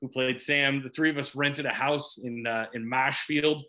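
A middle-aged man from Chicago chats as a guest in a casual interview. His voice is bright and forceful, and he laughs often. He rambles, restarting his sentences as he goes. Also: medium pitch, fairly even intonation, normal speed. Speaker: actor guest.

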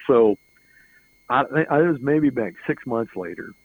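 A man's voice: mid-range voice, expressive, a little slow, breathy edge, no echo, phone-quality sound. Rambling middle-aged man, very dry sound. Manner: rambling, chuckling, repeats words as he goes. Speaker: interview guest. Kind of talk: casual anecdotal storytelling.

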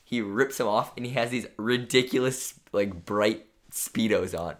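Easygoing young man, low voice. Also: steady tone, unhurried, hardly any pauses, a bit bright. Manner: easygoing, filler-heavy talk. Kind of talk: casual chat.

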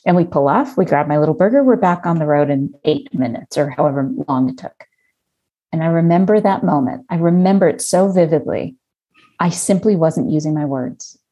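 A woman in her fifties telling a personal story in casual conversation, lively and acting out her own past thoughts. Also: low voice, moderate pace, lo-fi sound. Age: 50s.

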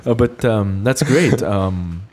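Male podcast host, easygoing, laughs a lot, halting restarts. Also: fairly low pitch, darkish tone. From Lebanon. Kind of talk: casual podcast interview.

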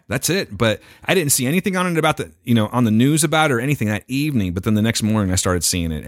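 A man's voice: fairly low pitch, dry recording, studio quality. A man casually telling a story on a podcast, cursing freely and acting out the people in it. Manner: profane, animated retelling with put-on quotes. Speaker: podcast co-host.

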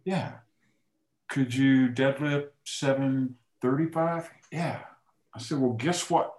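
Male host, animated anecdote teller who plays every part, mid voice, echoey room. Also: mid-range voice, slow pace. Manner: lively anecdote teller, acts out quoted dialogue. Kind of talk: casual storytelling chat.

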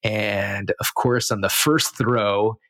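A man's voice: lowish voice, fairly even intonation, slow pace, a bit bright, no echo. A man, a podcast guest, telling a story in a rambling, self-correcting way, full of fillers. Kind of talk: casual storytelling.

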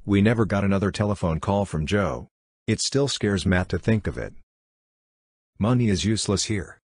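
A man reading a series of short ghost stories aloud in a steady, even storytelling delivery. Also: on the low side, normal speed, breathy edge, dry recording, clean studio sound. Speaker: narrator.

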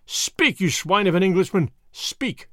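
A man voicing a volatile, hot-headed male conspirator who shouts his threats. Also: high voice, huge pitch swings, moderate pace, no echo, studio quality, voice pushed up, exaggerated voice. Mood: enraged. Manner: shouting, explosive.

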